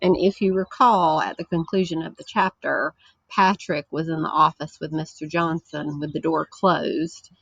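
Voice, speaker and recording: A woman teacher reading a chapter book aloud to her class, gentle and explanatory, stopping to ask the children questions. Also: low-pitched, steady tone, moderate pace, gravelly, slightly rough, no room sound, dull audio.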